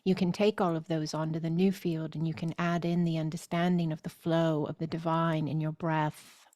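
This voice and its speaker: A woman leading a spiritual course, speaking deliberately and soothingly with loud gasping inhales and repeated phrases. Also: sits low, little pitch movement, no echo, clean studio sound. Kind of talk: slow guided spiritual teaching.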